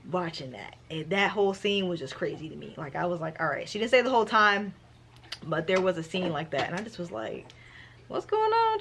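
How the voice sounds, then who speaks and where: A woman vlogging about her reading, talking in an animated, sassy, slang-filled way as she reviews a book. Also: fairly low pitch, a little hiss or hum. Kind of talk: casual book review chat.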